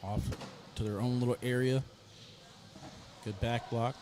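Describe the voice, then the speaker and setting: A man's voice: mid-range voice, fairly even intonation, a little slow, background noise. A man giving live play-by-play commentary on a cornhole match, chatty and joking between plays. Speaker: sports commentator.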